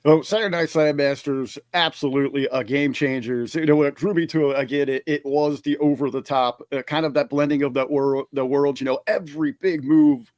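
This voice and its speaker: A man co-hosting a podcast in casual chat, animated and stumbling over words when excited. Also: fairly high pitch, fairly quick, few pauses, no echo. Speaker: podcast co-host.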